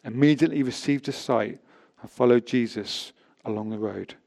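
A man's voice: mid-range voice, brisk, vocal fry, a little mellow. A man preaching a sermon, reading scripture aloud with emphatic rises and drops.

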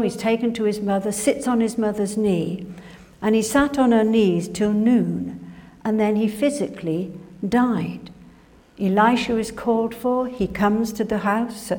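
A woman's voice: medium pitch, mellow. A woman preaching a sermon in an earnest manner, now and then dropping her voice to a whisper for emphasis. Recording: reverberant hall.

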